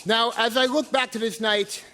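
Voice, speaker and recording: A man in his twenties telling a true story at a live story slam, animated and self-mocking, acting out other voices. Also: extremely high pitch, moderate pace. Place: stage in a hall with an audience. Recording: live hall recording with reverb and faint noise.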